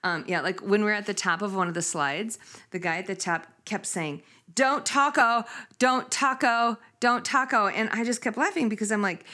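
Telling stories with plenty of laughter, a fifty-something woman hosts a casual chat and acts out quotes animatedly. She speaks at medium pitch and a little fast.

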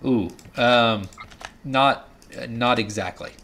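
A man's voice: medium pitch, slow, crowd noise. A man running a tabletop game as game master, narrating with many hesitations and fillers.

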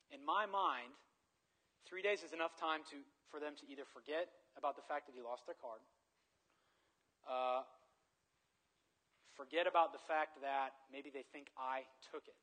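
A male preacher delivers a sermon through a vivid personal story. His voice is bright and forceful, sitting a little high for a man, and he swings from loud, excited storytelling to quiet earnest moments. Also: a little slow, pauses often, low-quality recording. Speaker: pastor.

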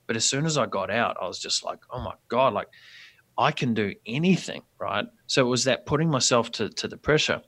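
A man telling a rambling, animated story as a podcast guest, with many restarts. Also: mid-range voice, brisk.

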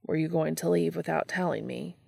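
A woman reading the part of an earnest, otherworldly male creature who speaks formally and quietly. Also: low voice, brisk, creaky, breathy edge, dry recording, studio quality, heavily acted. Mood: hurt.

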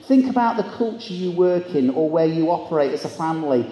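A man's voice: high-pitched, fast, few pauses, dark tone. A man giving a humorous motivational talk to a live audience, telling comic stories and acting out the people in them. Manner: comic storytelling, acting out quoted voices. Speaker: motivational keynote speaker. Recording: echoey large hall.

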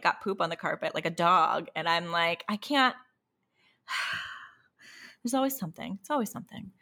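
A young adult woman and parent of a toddler, exhausted, talking candidly in a halting, self-interrupting, emotionally raw way. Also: on the low side, pushed and bright. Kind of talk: candid conversational chat.

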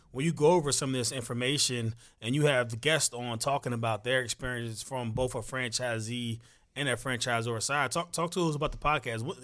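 A male podcast host with a middle-pitched voice leads a casual interview. He encourages his guest with quick affirmations and then talks through his own ideas. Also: a bit bright.

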